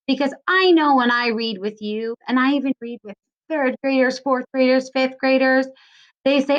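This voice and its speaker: Woman teacher, slow sing-song delivery, higher voice, dull lo-fi sound. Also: fairly even intonation. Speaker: second grade teacher. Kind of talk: recorded lesson for young children.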